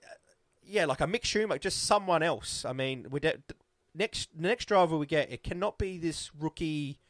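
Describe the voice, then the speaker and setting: A man's voice: on the high side, moderate pace, a bit bright, no echo, clean studio sound. A man co-hosting a casual motor-racing chat podcast, opinionated and prone to restarting his sentences. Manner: opinionated, restarts and repeats himself. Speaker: podcast co-host.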